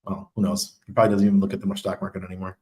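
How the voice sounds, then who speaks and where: A man's voice: sits low, completely flat delivery, racing, a little mellow, a little hiss or hum. A man hosting a casual crypto livestream, reading viewer comments and answering in a loose, chatty way with lots of ums and laughs. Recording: echoey room.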